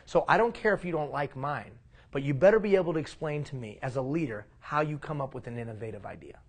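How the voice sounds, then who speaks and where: A man leading a leadership workshop, animated and asking the room questions. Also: medium pitch, fast, slightly rough. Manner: animated, asks the room questions, acts out mock quotes. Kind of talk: live seminar talk. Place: classroom.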